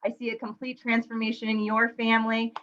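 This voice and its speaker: A woman's voice: fairly high pitch, completely flat delivery, fairly quick, fairly bright tone, lo-fi sound. A woman hosting a group video call, effusive and encouraging as she introduces guests.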